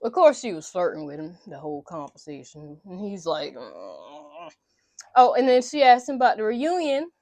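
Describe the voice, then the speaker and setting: A woman's voice: medium pitch, animated, a little fast, few pauses, mellow. A woman vlogger chatting through a casual movie recap in a slangy, rambling way. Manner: chatty, slangy, full of blah blah.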